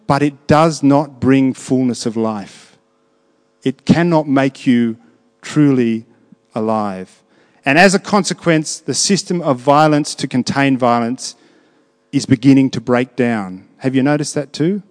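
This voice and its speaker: Man preaching in a reverberant hall. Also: mid-range voice. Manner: swings between hushed reflection and raised, emphatic preaching; conversational, asks the congregation questions. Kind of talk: sermon. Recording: long reverb of a large hall.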